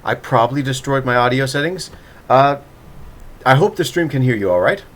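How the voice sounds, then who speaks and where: Laughing, lively man on a stream. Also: medium pitch, moderate pace, slight background noise. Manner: laughs often, eager and teasing. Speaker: streamer hosting a story reading. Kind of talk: casual chat on a live stream.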